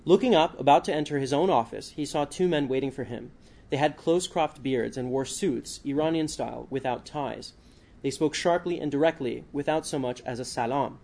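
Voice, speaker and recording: A man's voice: mid-range voice, brisk, creaky, a little mellow. A male author speaking at a book talk, hesitant with many fillers, then reading a passage from his book.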